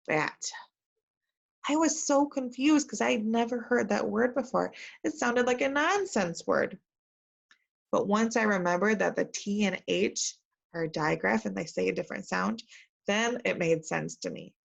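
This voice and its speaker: A woman teacher giving an early reading lesson to young children, reading sentences slowly and modelling how to sound out words. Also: medium pitch, vocal fry. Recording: dull lo-fi recording.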